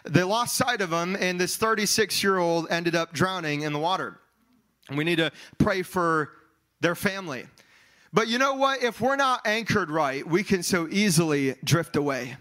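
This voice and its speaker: High-voiced preaching pastor, half-sung cadences. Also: male voice, expressive, normal speed, pushed and bright, rough recording. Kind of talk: sermon.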